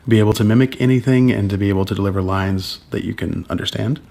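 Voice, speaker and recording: Low-ish guy rambling on his home vlog, neutral accent, lots of ums, laughing here and there, talking low so the baby sleeps. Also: fast, vocal fry, a little mellow. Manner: keeps voice down so as not to wake a baby. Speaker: vlog co-host. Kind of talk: casual chat at home. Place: home at night.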